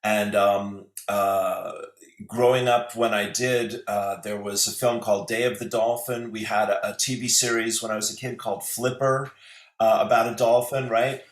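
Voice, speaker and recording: A man's voice: lowish voice, steady tone, moderate pace, echoey room. A man speaking as a guest on an online call, rambling and hesitant, with many fillers and restarts. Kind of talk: casual spiritual conversation. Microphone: video call.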